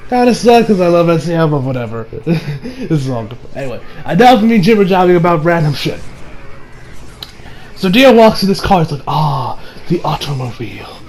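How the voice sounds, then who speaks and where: A young man casually reviewing an anime episode, excitable and swearing freely. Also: sits high. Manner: excitable, swearing, laughing a lot.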